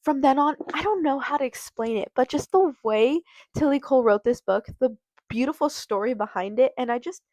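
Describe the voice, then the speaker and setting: A woman's voice: high-pitched, a little fast, darkish tone, no echo. A woman giving a casual book review, gushing and rambling, often cutting herself off mid-sentence. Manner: gushing, rambling, self-interrupting.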